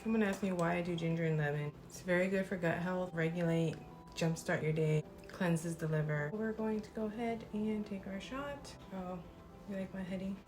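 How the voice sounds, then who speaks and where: Chatty, tired mom vlogging over music. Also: female voice, on the low side, normal speed, a little mellow. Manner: chatty, upbeat, talks straight to camera. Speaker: vlogger, mother of four. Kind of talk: casual vlog chat.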